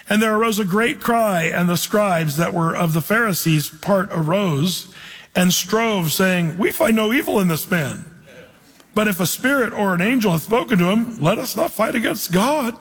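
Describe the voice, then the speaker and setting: A man, a pastor, teaching through a Bible passage in a lively, conversational way and reading verses aloud. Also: high voice, breathy edge. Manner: animated, conversational, reads scripture aloud. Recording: reverberant hall.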